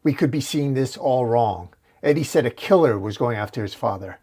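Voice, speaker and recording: A man reading out a heroine bonded with a symbiote from a comic. She speaks in a level, serious way and stays calm. His delivery stays close to his normal voice. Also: medium pitch, normal speed, slightly rough.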